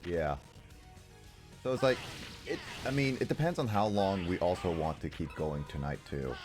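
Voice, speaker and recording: A man's voice: low voice, animated, moderate pace, over music. A man streaming a video game, chatting casually, laughing often and restarting his sentences. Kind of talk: casual gameplay chat.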